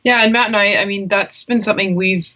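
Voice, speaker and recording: A woman's voice: medium pitch, steady tone, a little fast, bright, forceful tone, muffled recording. A woman, a singer, chatting casually and agreeably in an interview. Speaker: singer guest.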